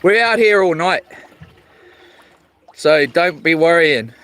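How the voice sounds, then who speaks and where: A man's voice: a little high, animated, slow pace, a bit bright. A man chatting with viewers while fishing outdoors on the ocean, rambling and swearing in mock-grumpy jokes. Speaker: fishing vlogger. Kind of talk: live-stream chat with viewers.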